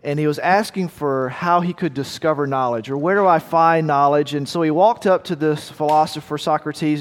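A man's voice: on the high side, moderate pace, hardly any pauses. Man preaching in an echoing hall. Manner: storytelling, then earnest prayer. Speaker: pastor. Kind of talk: sermon with prayer. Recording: long reverb in a big hall.

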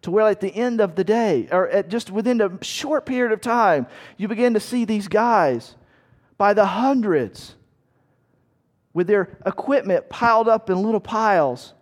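A man with a high voice preaches in a vivid storytelling manner. He speaks straight to his listeners and puts them inside a battle scene. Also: expressive, a little slow. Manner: vivid second-person storytelling, shouting quoted commands. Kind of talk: sermon illustration.

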